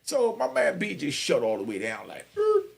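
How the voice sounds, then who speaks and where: A middle-aged man with a New York accent, telling his own prison stories in a rambling, animated, casual monologue. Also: mid-range voice, normal speed, gravelly. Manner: animated, rambling, full of "you know what I mean".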